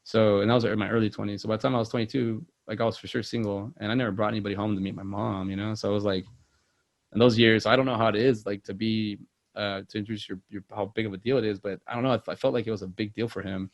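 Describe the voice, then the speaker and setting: A man's voice: on the low side, fairly even intonation, very fast, no echo. A man co-hosting a movie podcast, chatting casually and rambling with many fillers and restarts. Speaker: podcast co-host.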